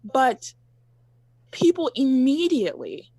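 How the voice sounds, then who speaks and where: A woman in a casual panel discussion, telling personal stories in a measured way, pausing often. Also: high voice, big pitch swings, warm tone, no room sound.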